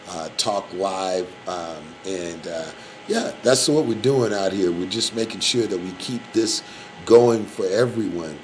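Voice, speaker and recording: A man's voice: sits low, slight background noise, rough recording. A man hosting a live community radio show in a loose, casual way, rambling with lots of fillers. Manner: rambling, filler-heavy, shout-outs.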